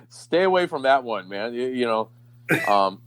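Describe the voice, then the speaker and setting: A man's voice: medium pitch, expressive, measured pace, smooth. Guy hosting a podcast, cussing nonstop, rambly and laughy. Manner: rambling, swears a lot, laughs often. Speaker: podcast host. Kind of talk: casual profane chat.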